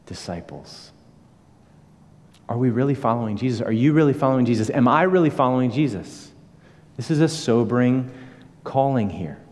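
Male pastor, mid-pitched, earnest sermon delivery, hushed then emphatic; reverberant hall.

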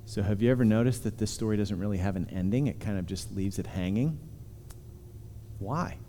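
A man preaching a sermon, earnest and emphatic, slowing down to stress key words. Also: lowish voice, warm tone, slight background noise. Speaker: pastor. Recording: long hall reverb.

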